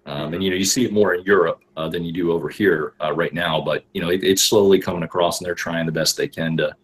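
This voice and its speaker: A lower-voiced man chats on a podcast. He keeps restarting his sentences and leaning on fillers, speaking in a relaxed, halting way. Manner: halting, many restarts and "you know". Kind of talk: casual podcast chat.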